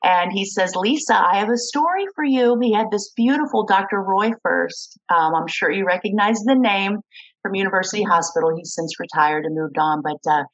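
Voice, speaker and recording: A woman's voice: mid-range voice, moderate pace, muffled recording. A middle-aged woman tells her personal story in an interview, acting out the voices of the people she quotes. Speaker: guest, kidney donor.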